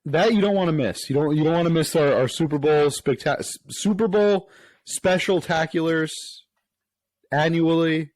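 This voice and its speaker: A man's voice: a little high, moderate pace, darkish tone, dry recording, rough recording. A man co-hosting a podcast in casual chat, playful and chuckling, often restarting his sentences. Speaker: podcast co-host.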